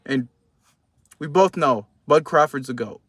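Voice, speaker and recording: A man's voice: medium pitch, expressive, a little slow, a bit bright, breathy edge, dry recording, clean studio sound. A young man giving heated, profane post-fight boxing commentary in a casual vlog. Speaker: boxing vlogger.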